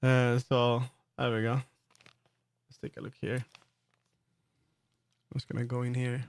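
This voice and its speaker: This man speaks slowly and in a monotone, his mid-range voice clean and carrying a Swedish accent. Streaming as he builds in 3D, he chats casually and rambles, with many fillers and restarts.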